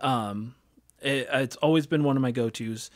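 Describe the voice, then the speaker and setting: A man's voice: mid-range voice, normal speed. A man in his thirties hosting a gaming podcast in casual chat, rambling with many fillers and restarts. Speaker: podcast host.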